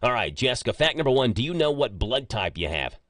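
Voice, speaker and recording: A man's voice: mid-range voice, brisk, no room sound. A man hosts a morning radio show, his voice swinging up and down as he jokes and tells stories. He sounds close and dry in the studio. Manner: chatty, joking, animated storyteller. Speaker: radio host. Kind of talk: casual morning radio chat. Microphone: studio microphone.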